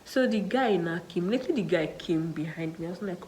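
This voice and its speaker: Chatty Nigerian woman with a low voice. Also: a little fast, few pauses, a little hiss or hum, low-quality recording. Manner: animated, chatty retelling with local slang. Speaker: student nurse vlogger. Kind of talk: casual storytelling to camera.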